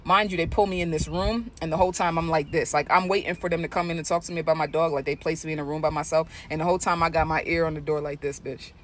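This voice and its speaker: A vlogger telling a gossipy story casually, swearing freely with animated asides. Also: medium pitch, quick pace, few pauses, a little hiss or hum.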